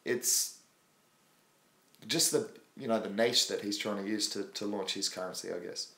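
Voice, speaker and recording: A man's voice: lowish voice, normal speed, vocal fry, bright, forceful tone. Chatty Australian man in an echoey room. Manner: rambling, chatty, answers viewer questions, laughs often. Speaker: live stream host. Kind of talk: casual live chat.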